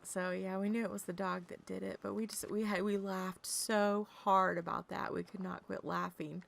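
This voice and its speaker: A woman chatting casually with viewers, telling stories in an animated way and laughing often. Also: mid-range voice, normal speed, gravelly. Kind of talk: casual chat.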